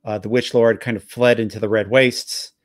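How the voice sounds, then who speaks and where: A man with a New Jersey accent, hosting a live tabletop game and recapping the story in a halting, self-correcting way with easy laughs. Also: fairly low pitch, steady tone, no echo. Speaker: game master. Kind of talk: casual actual-play narration.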